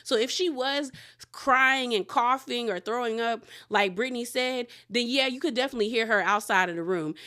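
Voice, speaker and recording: A young adult woman casually recapping a reality show episode, chatty and animated, with lots of "like" as she retells scenes. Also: fairly high pitch, moderate pace.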